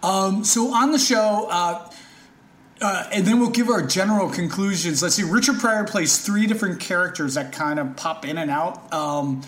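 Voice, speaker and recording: A man co-hosting a podcast in casual chat, relaxed and reflective, with some hesitation. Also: high-pitched, moderate pace. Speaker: podcast co-host.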